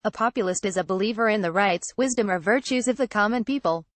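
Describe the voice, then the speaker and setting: A woman reading an opinion article aloud as scripted narration, at a measured, even pace. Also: medium pitch, no room sound.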